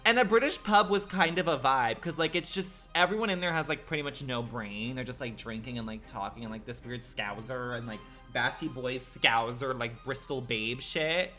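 A man's voice: mid-range voice, normal speed, hardly any pauses, pushed and bright, faint music behind. A man livestreaming a game, rambling and swearing freely with many filler words. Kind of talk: casual gaming livestream chat.

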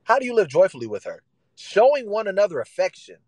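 Animated, emphatic male preacher. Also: high voice, quick pace, dry recording, rough recording. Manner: animated, emphatic preaching in casual vernacular, acting out quoted voices. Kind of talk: sermon.

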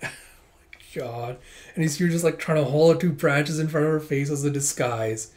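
A man's voice: on the high side, fairly quick, a little mellow. A man hosting a casual manga readthrough, narrating the panels and laughing often along the way. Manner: chatty, laughs often while reading. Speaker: manga reader, video host.

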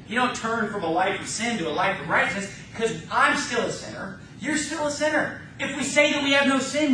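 A man preaching a fervent sermon in a church, reading scripture slowly and mocking opposing views in quick asides. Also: very high voice, pushed and bright, a little hiss or hum. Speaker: pastor. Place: church sanctuary. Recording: echoey church room, mic far off.

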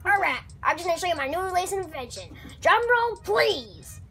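A woman's voice: very high-pitched, very animated, moderate pace, very noisy. A woman playing a stammering old professor. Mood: flustered. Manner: stammering, easily flustered. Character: absent-minded eccentric old male professor inventor. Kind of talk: fan puppet video acting.

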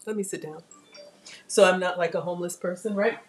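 A woman hosting a live-streamed cooking class from a home kitchen, chatty and excitable, talking straight to her viewers. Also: lowish voice, fairly quick, very noisy.

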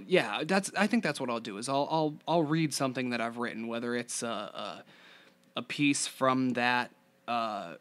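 A man talks through his own podcast in a loose, rambling way, full of fillers, restarts and asides. His voice sits at an ordinary middle pitch for a man. Later he reads scene directions from a screenplay in the same plain voice. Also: fairly bright tone. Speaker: podcast host. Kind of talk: casual solo podcast talk, then reading a screenplay aloud.

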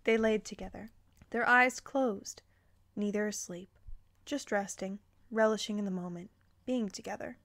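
A woman gently reading a romantic fan story aloud. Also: mid-range voice, measured pace. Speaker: fan fiction reader.

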